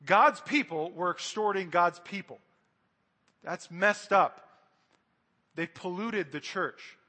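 High, bright-voiced male preacher. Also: takes it slowly, in a large hall. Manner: earnest, direct, addresses the congregation. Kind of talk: sermon.

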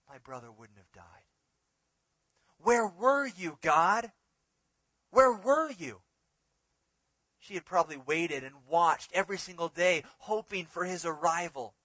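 Bright-voiced male preacher, dry sound. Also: a little high, no echo, rough recording. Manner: expressive, rising to emphatic peaks and dropping to hushed lines. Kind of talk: sermon.

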